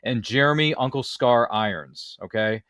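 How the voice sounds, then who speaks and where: Jokey, animated man hosting a podcast. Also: medium pitch, normal speed, clean tone, no room sound, clean studio sound. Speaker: podcast host. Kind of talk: enthusiastic casual interview chat.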